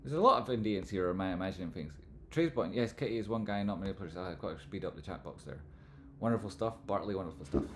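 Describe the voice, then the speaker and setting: A man with a Scottish accent hosting a live stream, explaining stock chart analysis in a relaxed, rambling way. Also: low voice, fast, slight background noise. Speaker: livestream host, trading analyst.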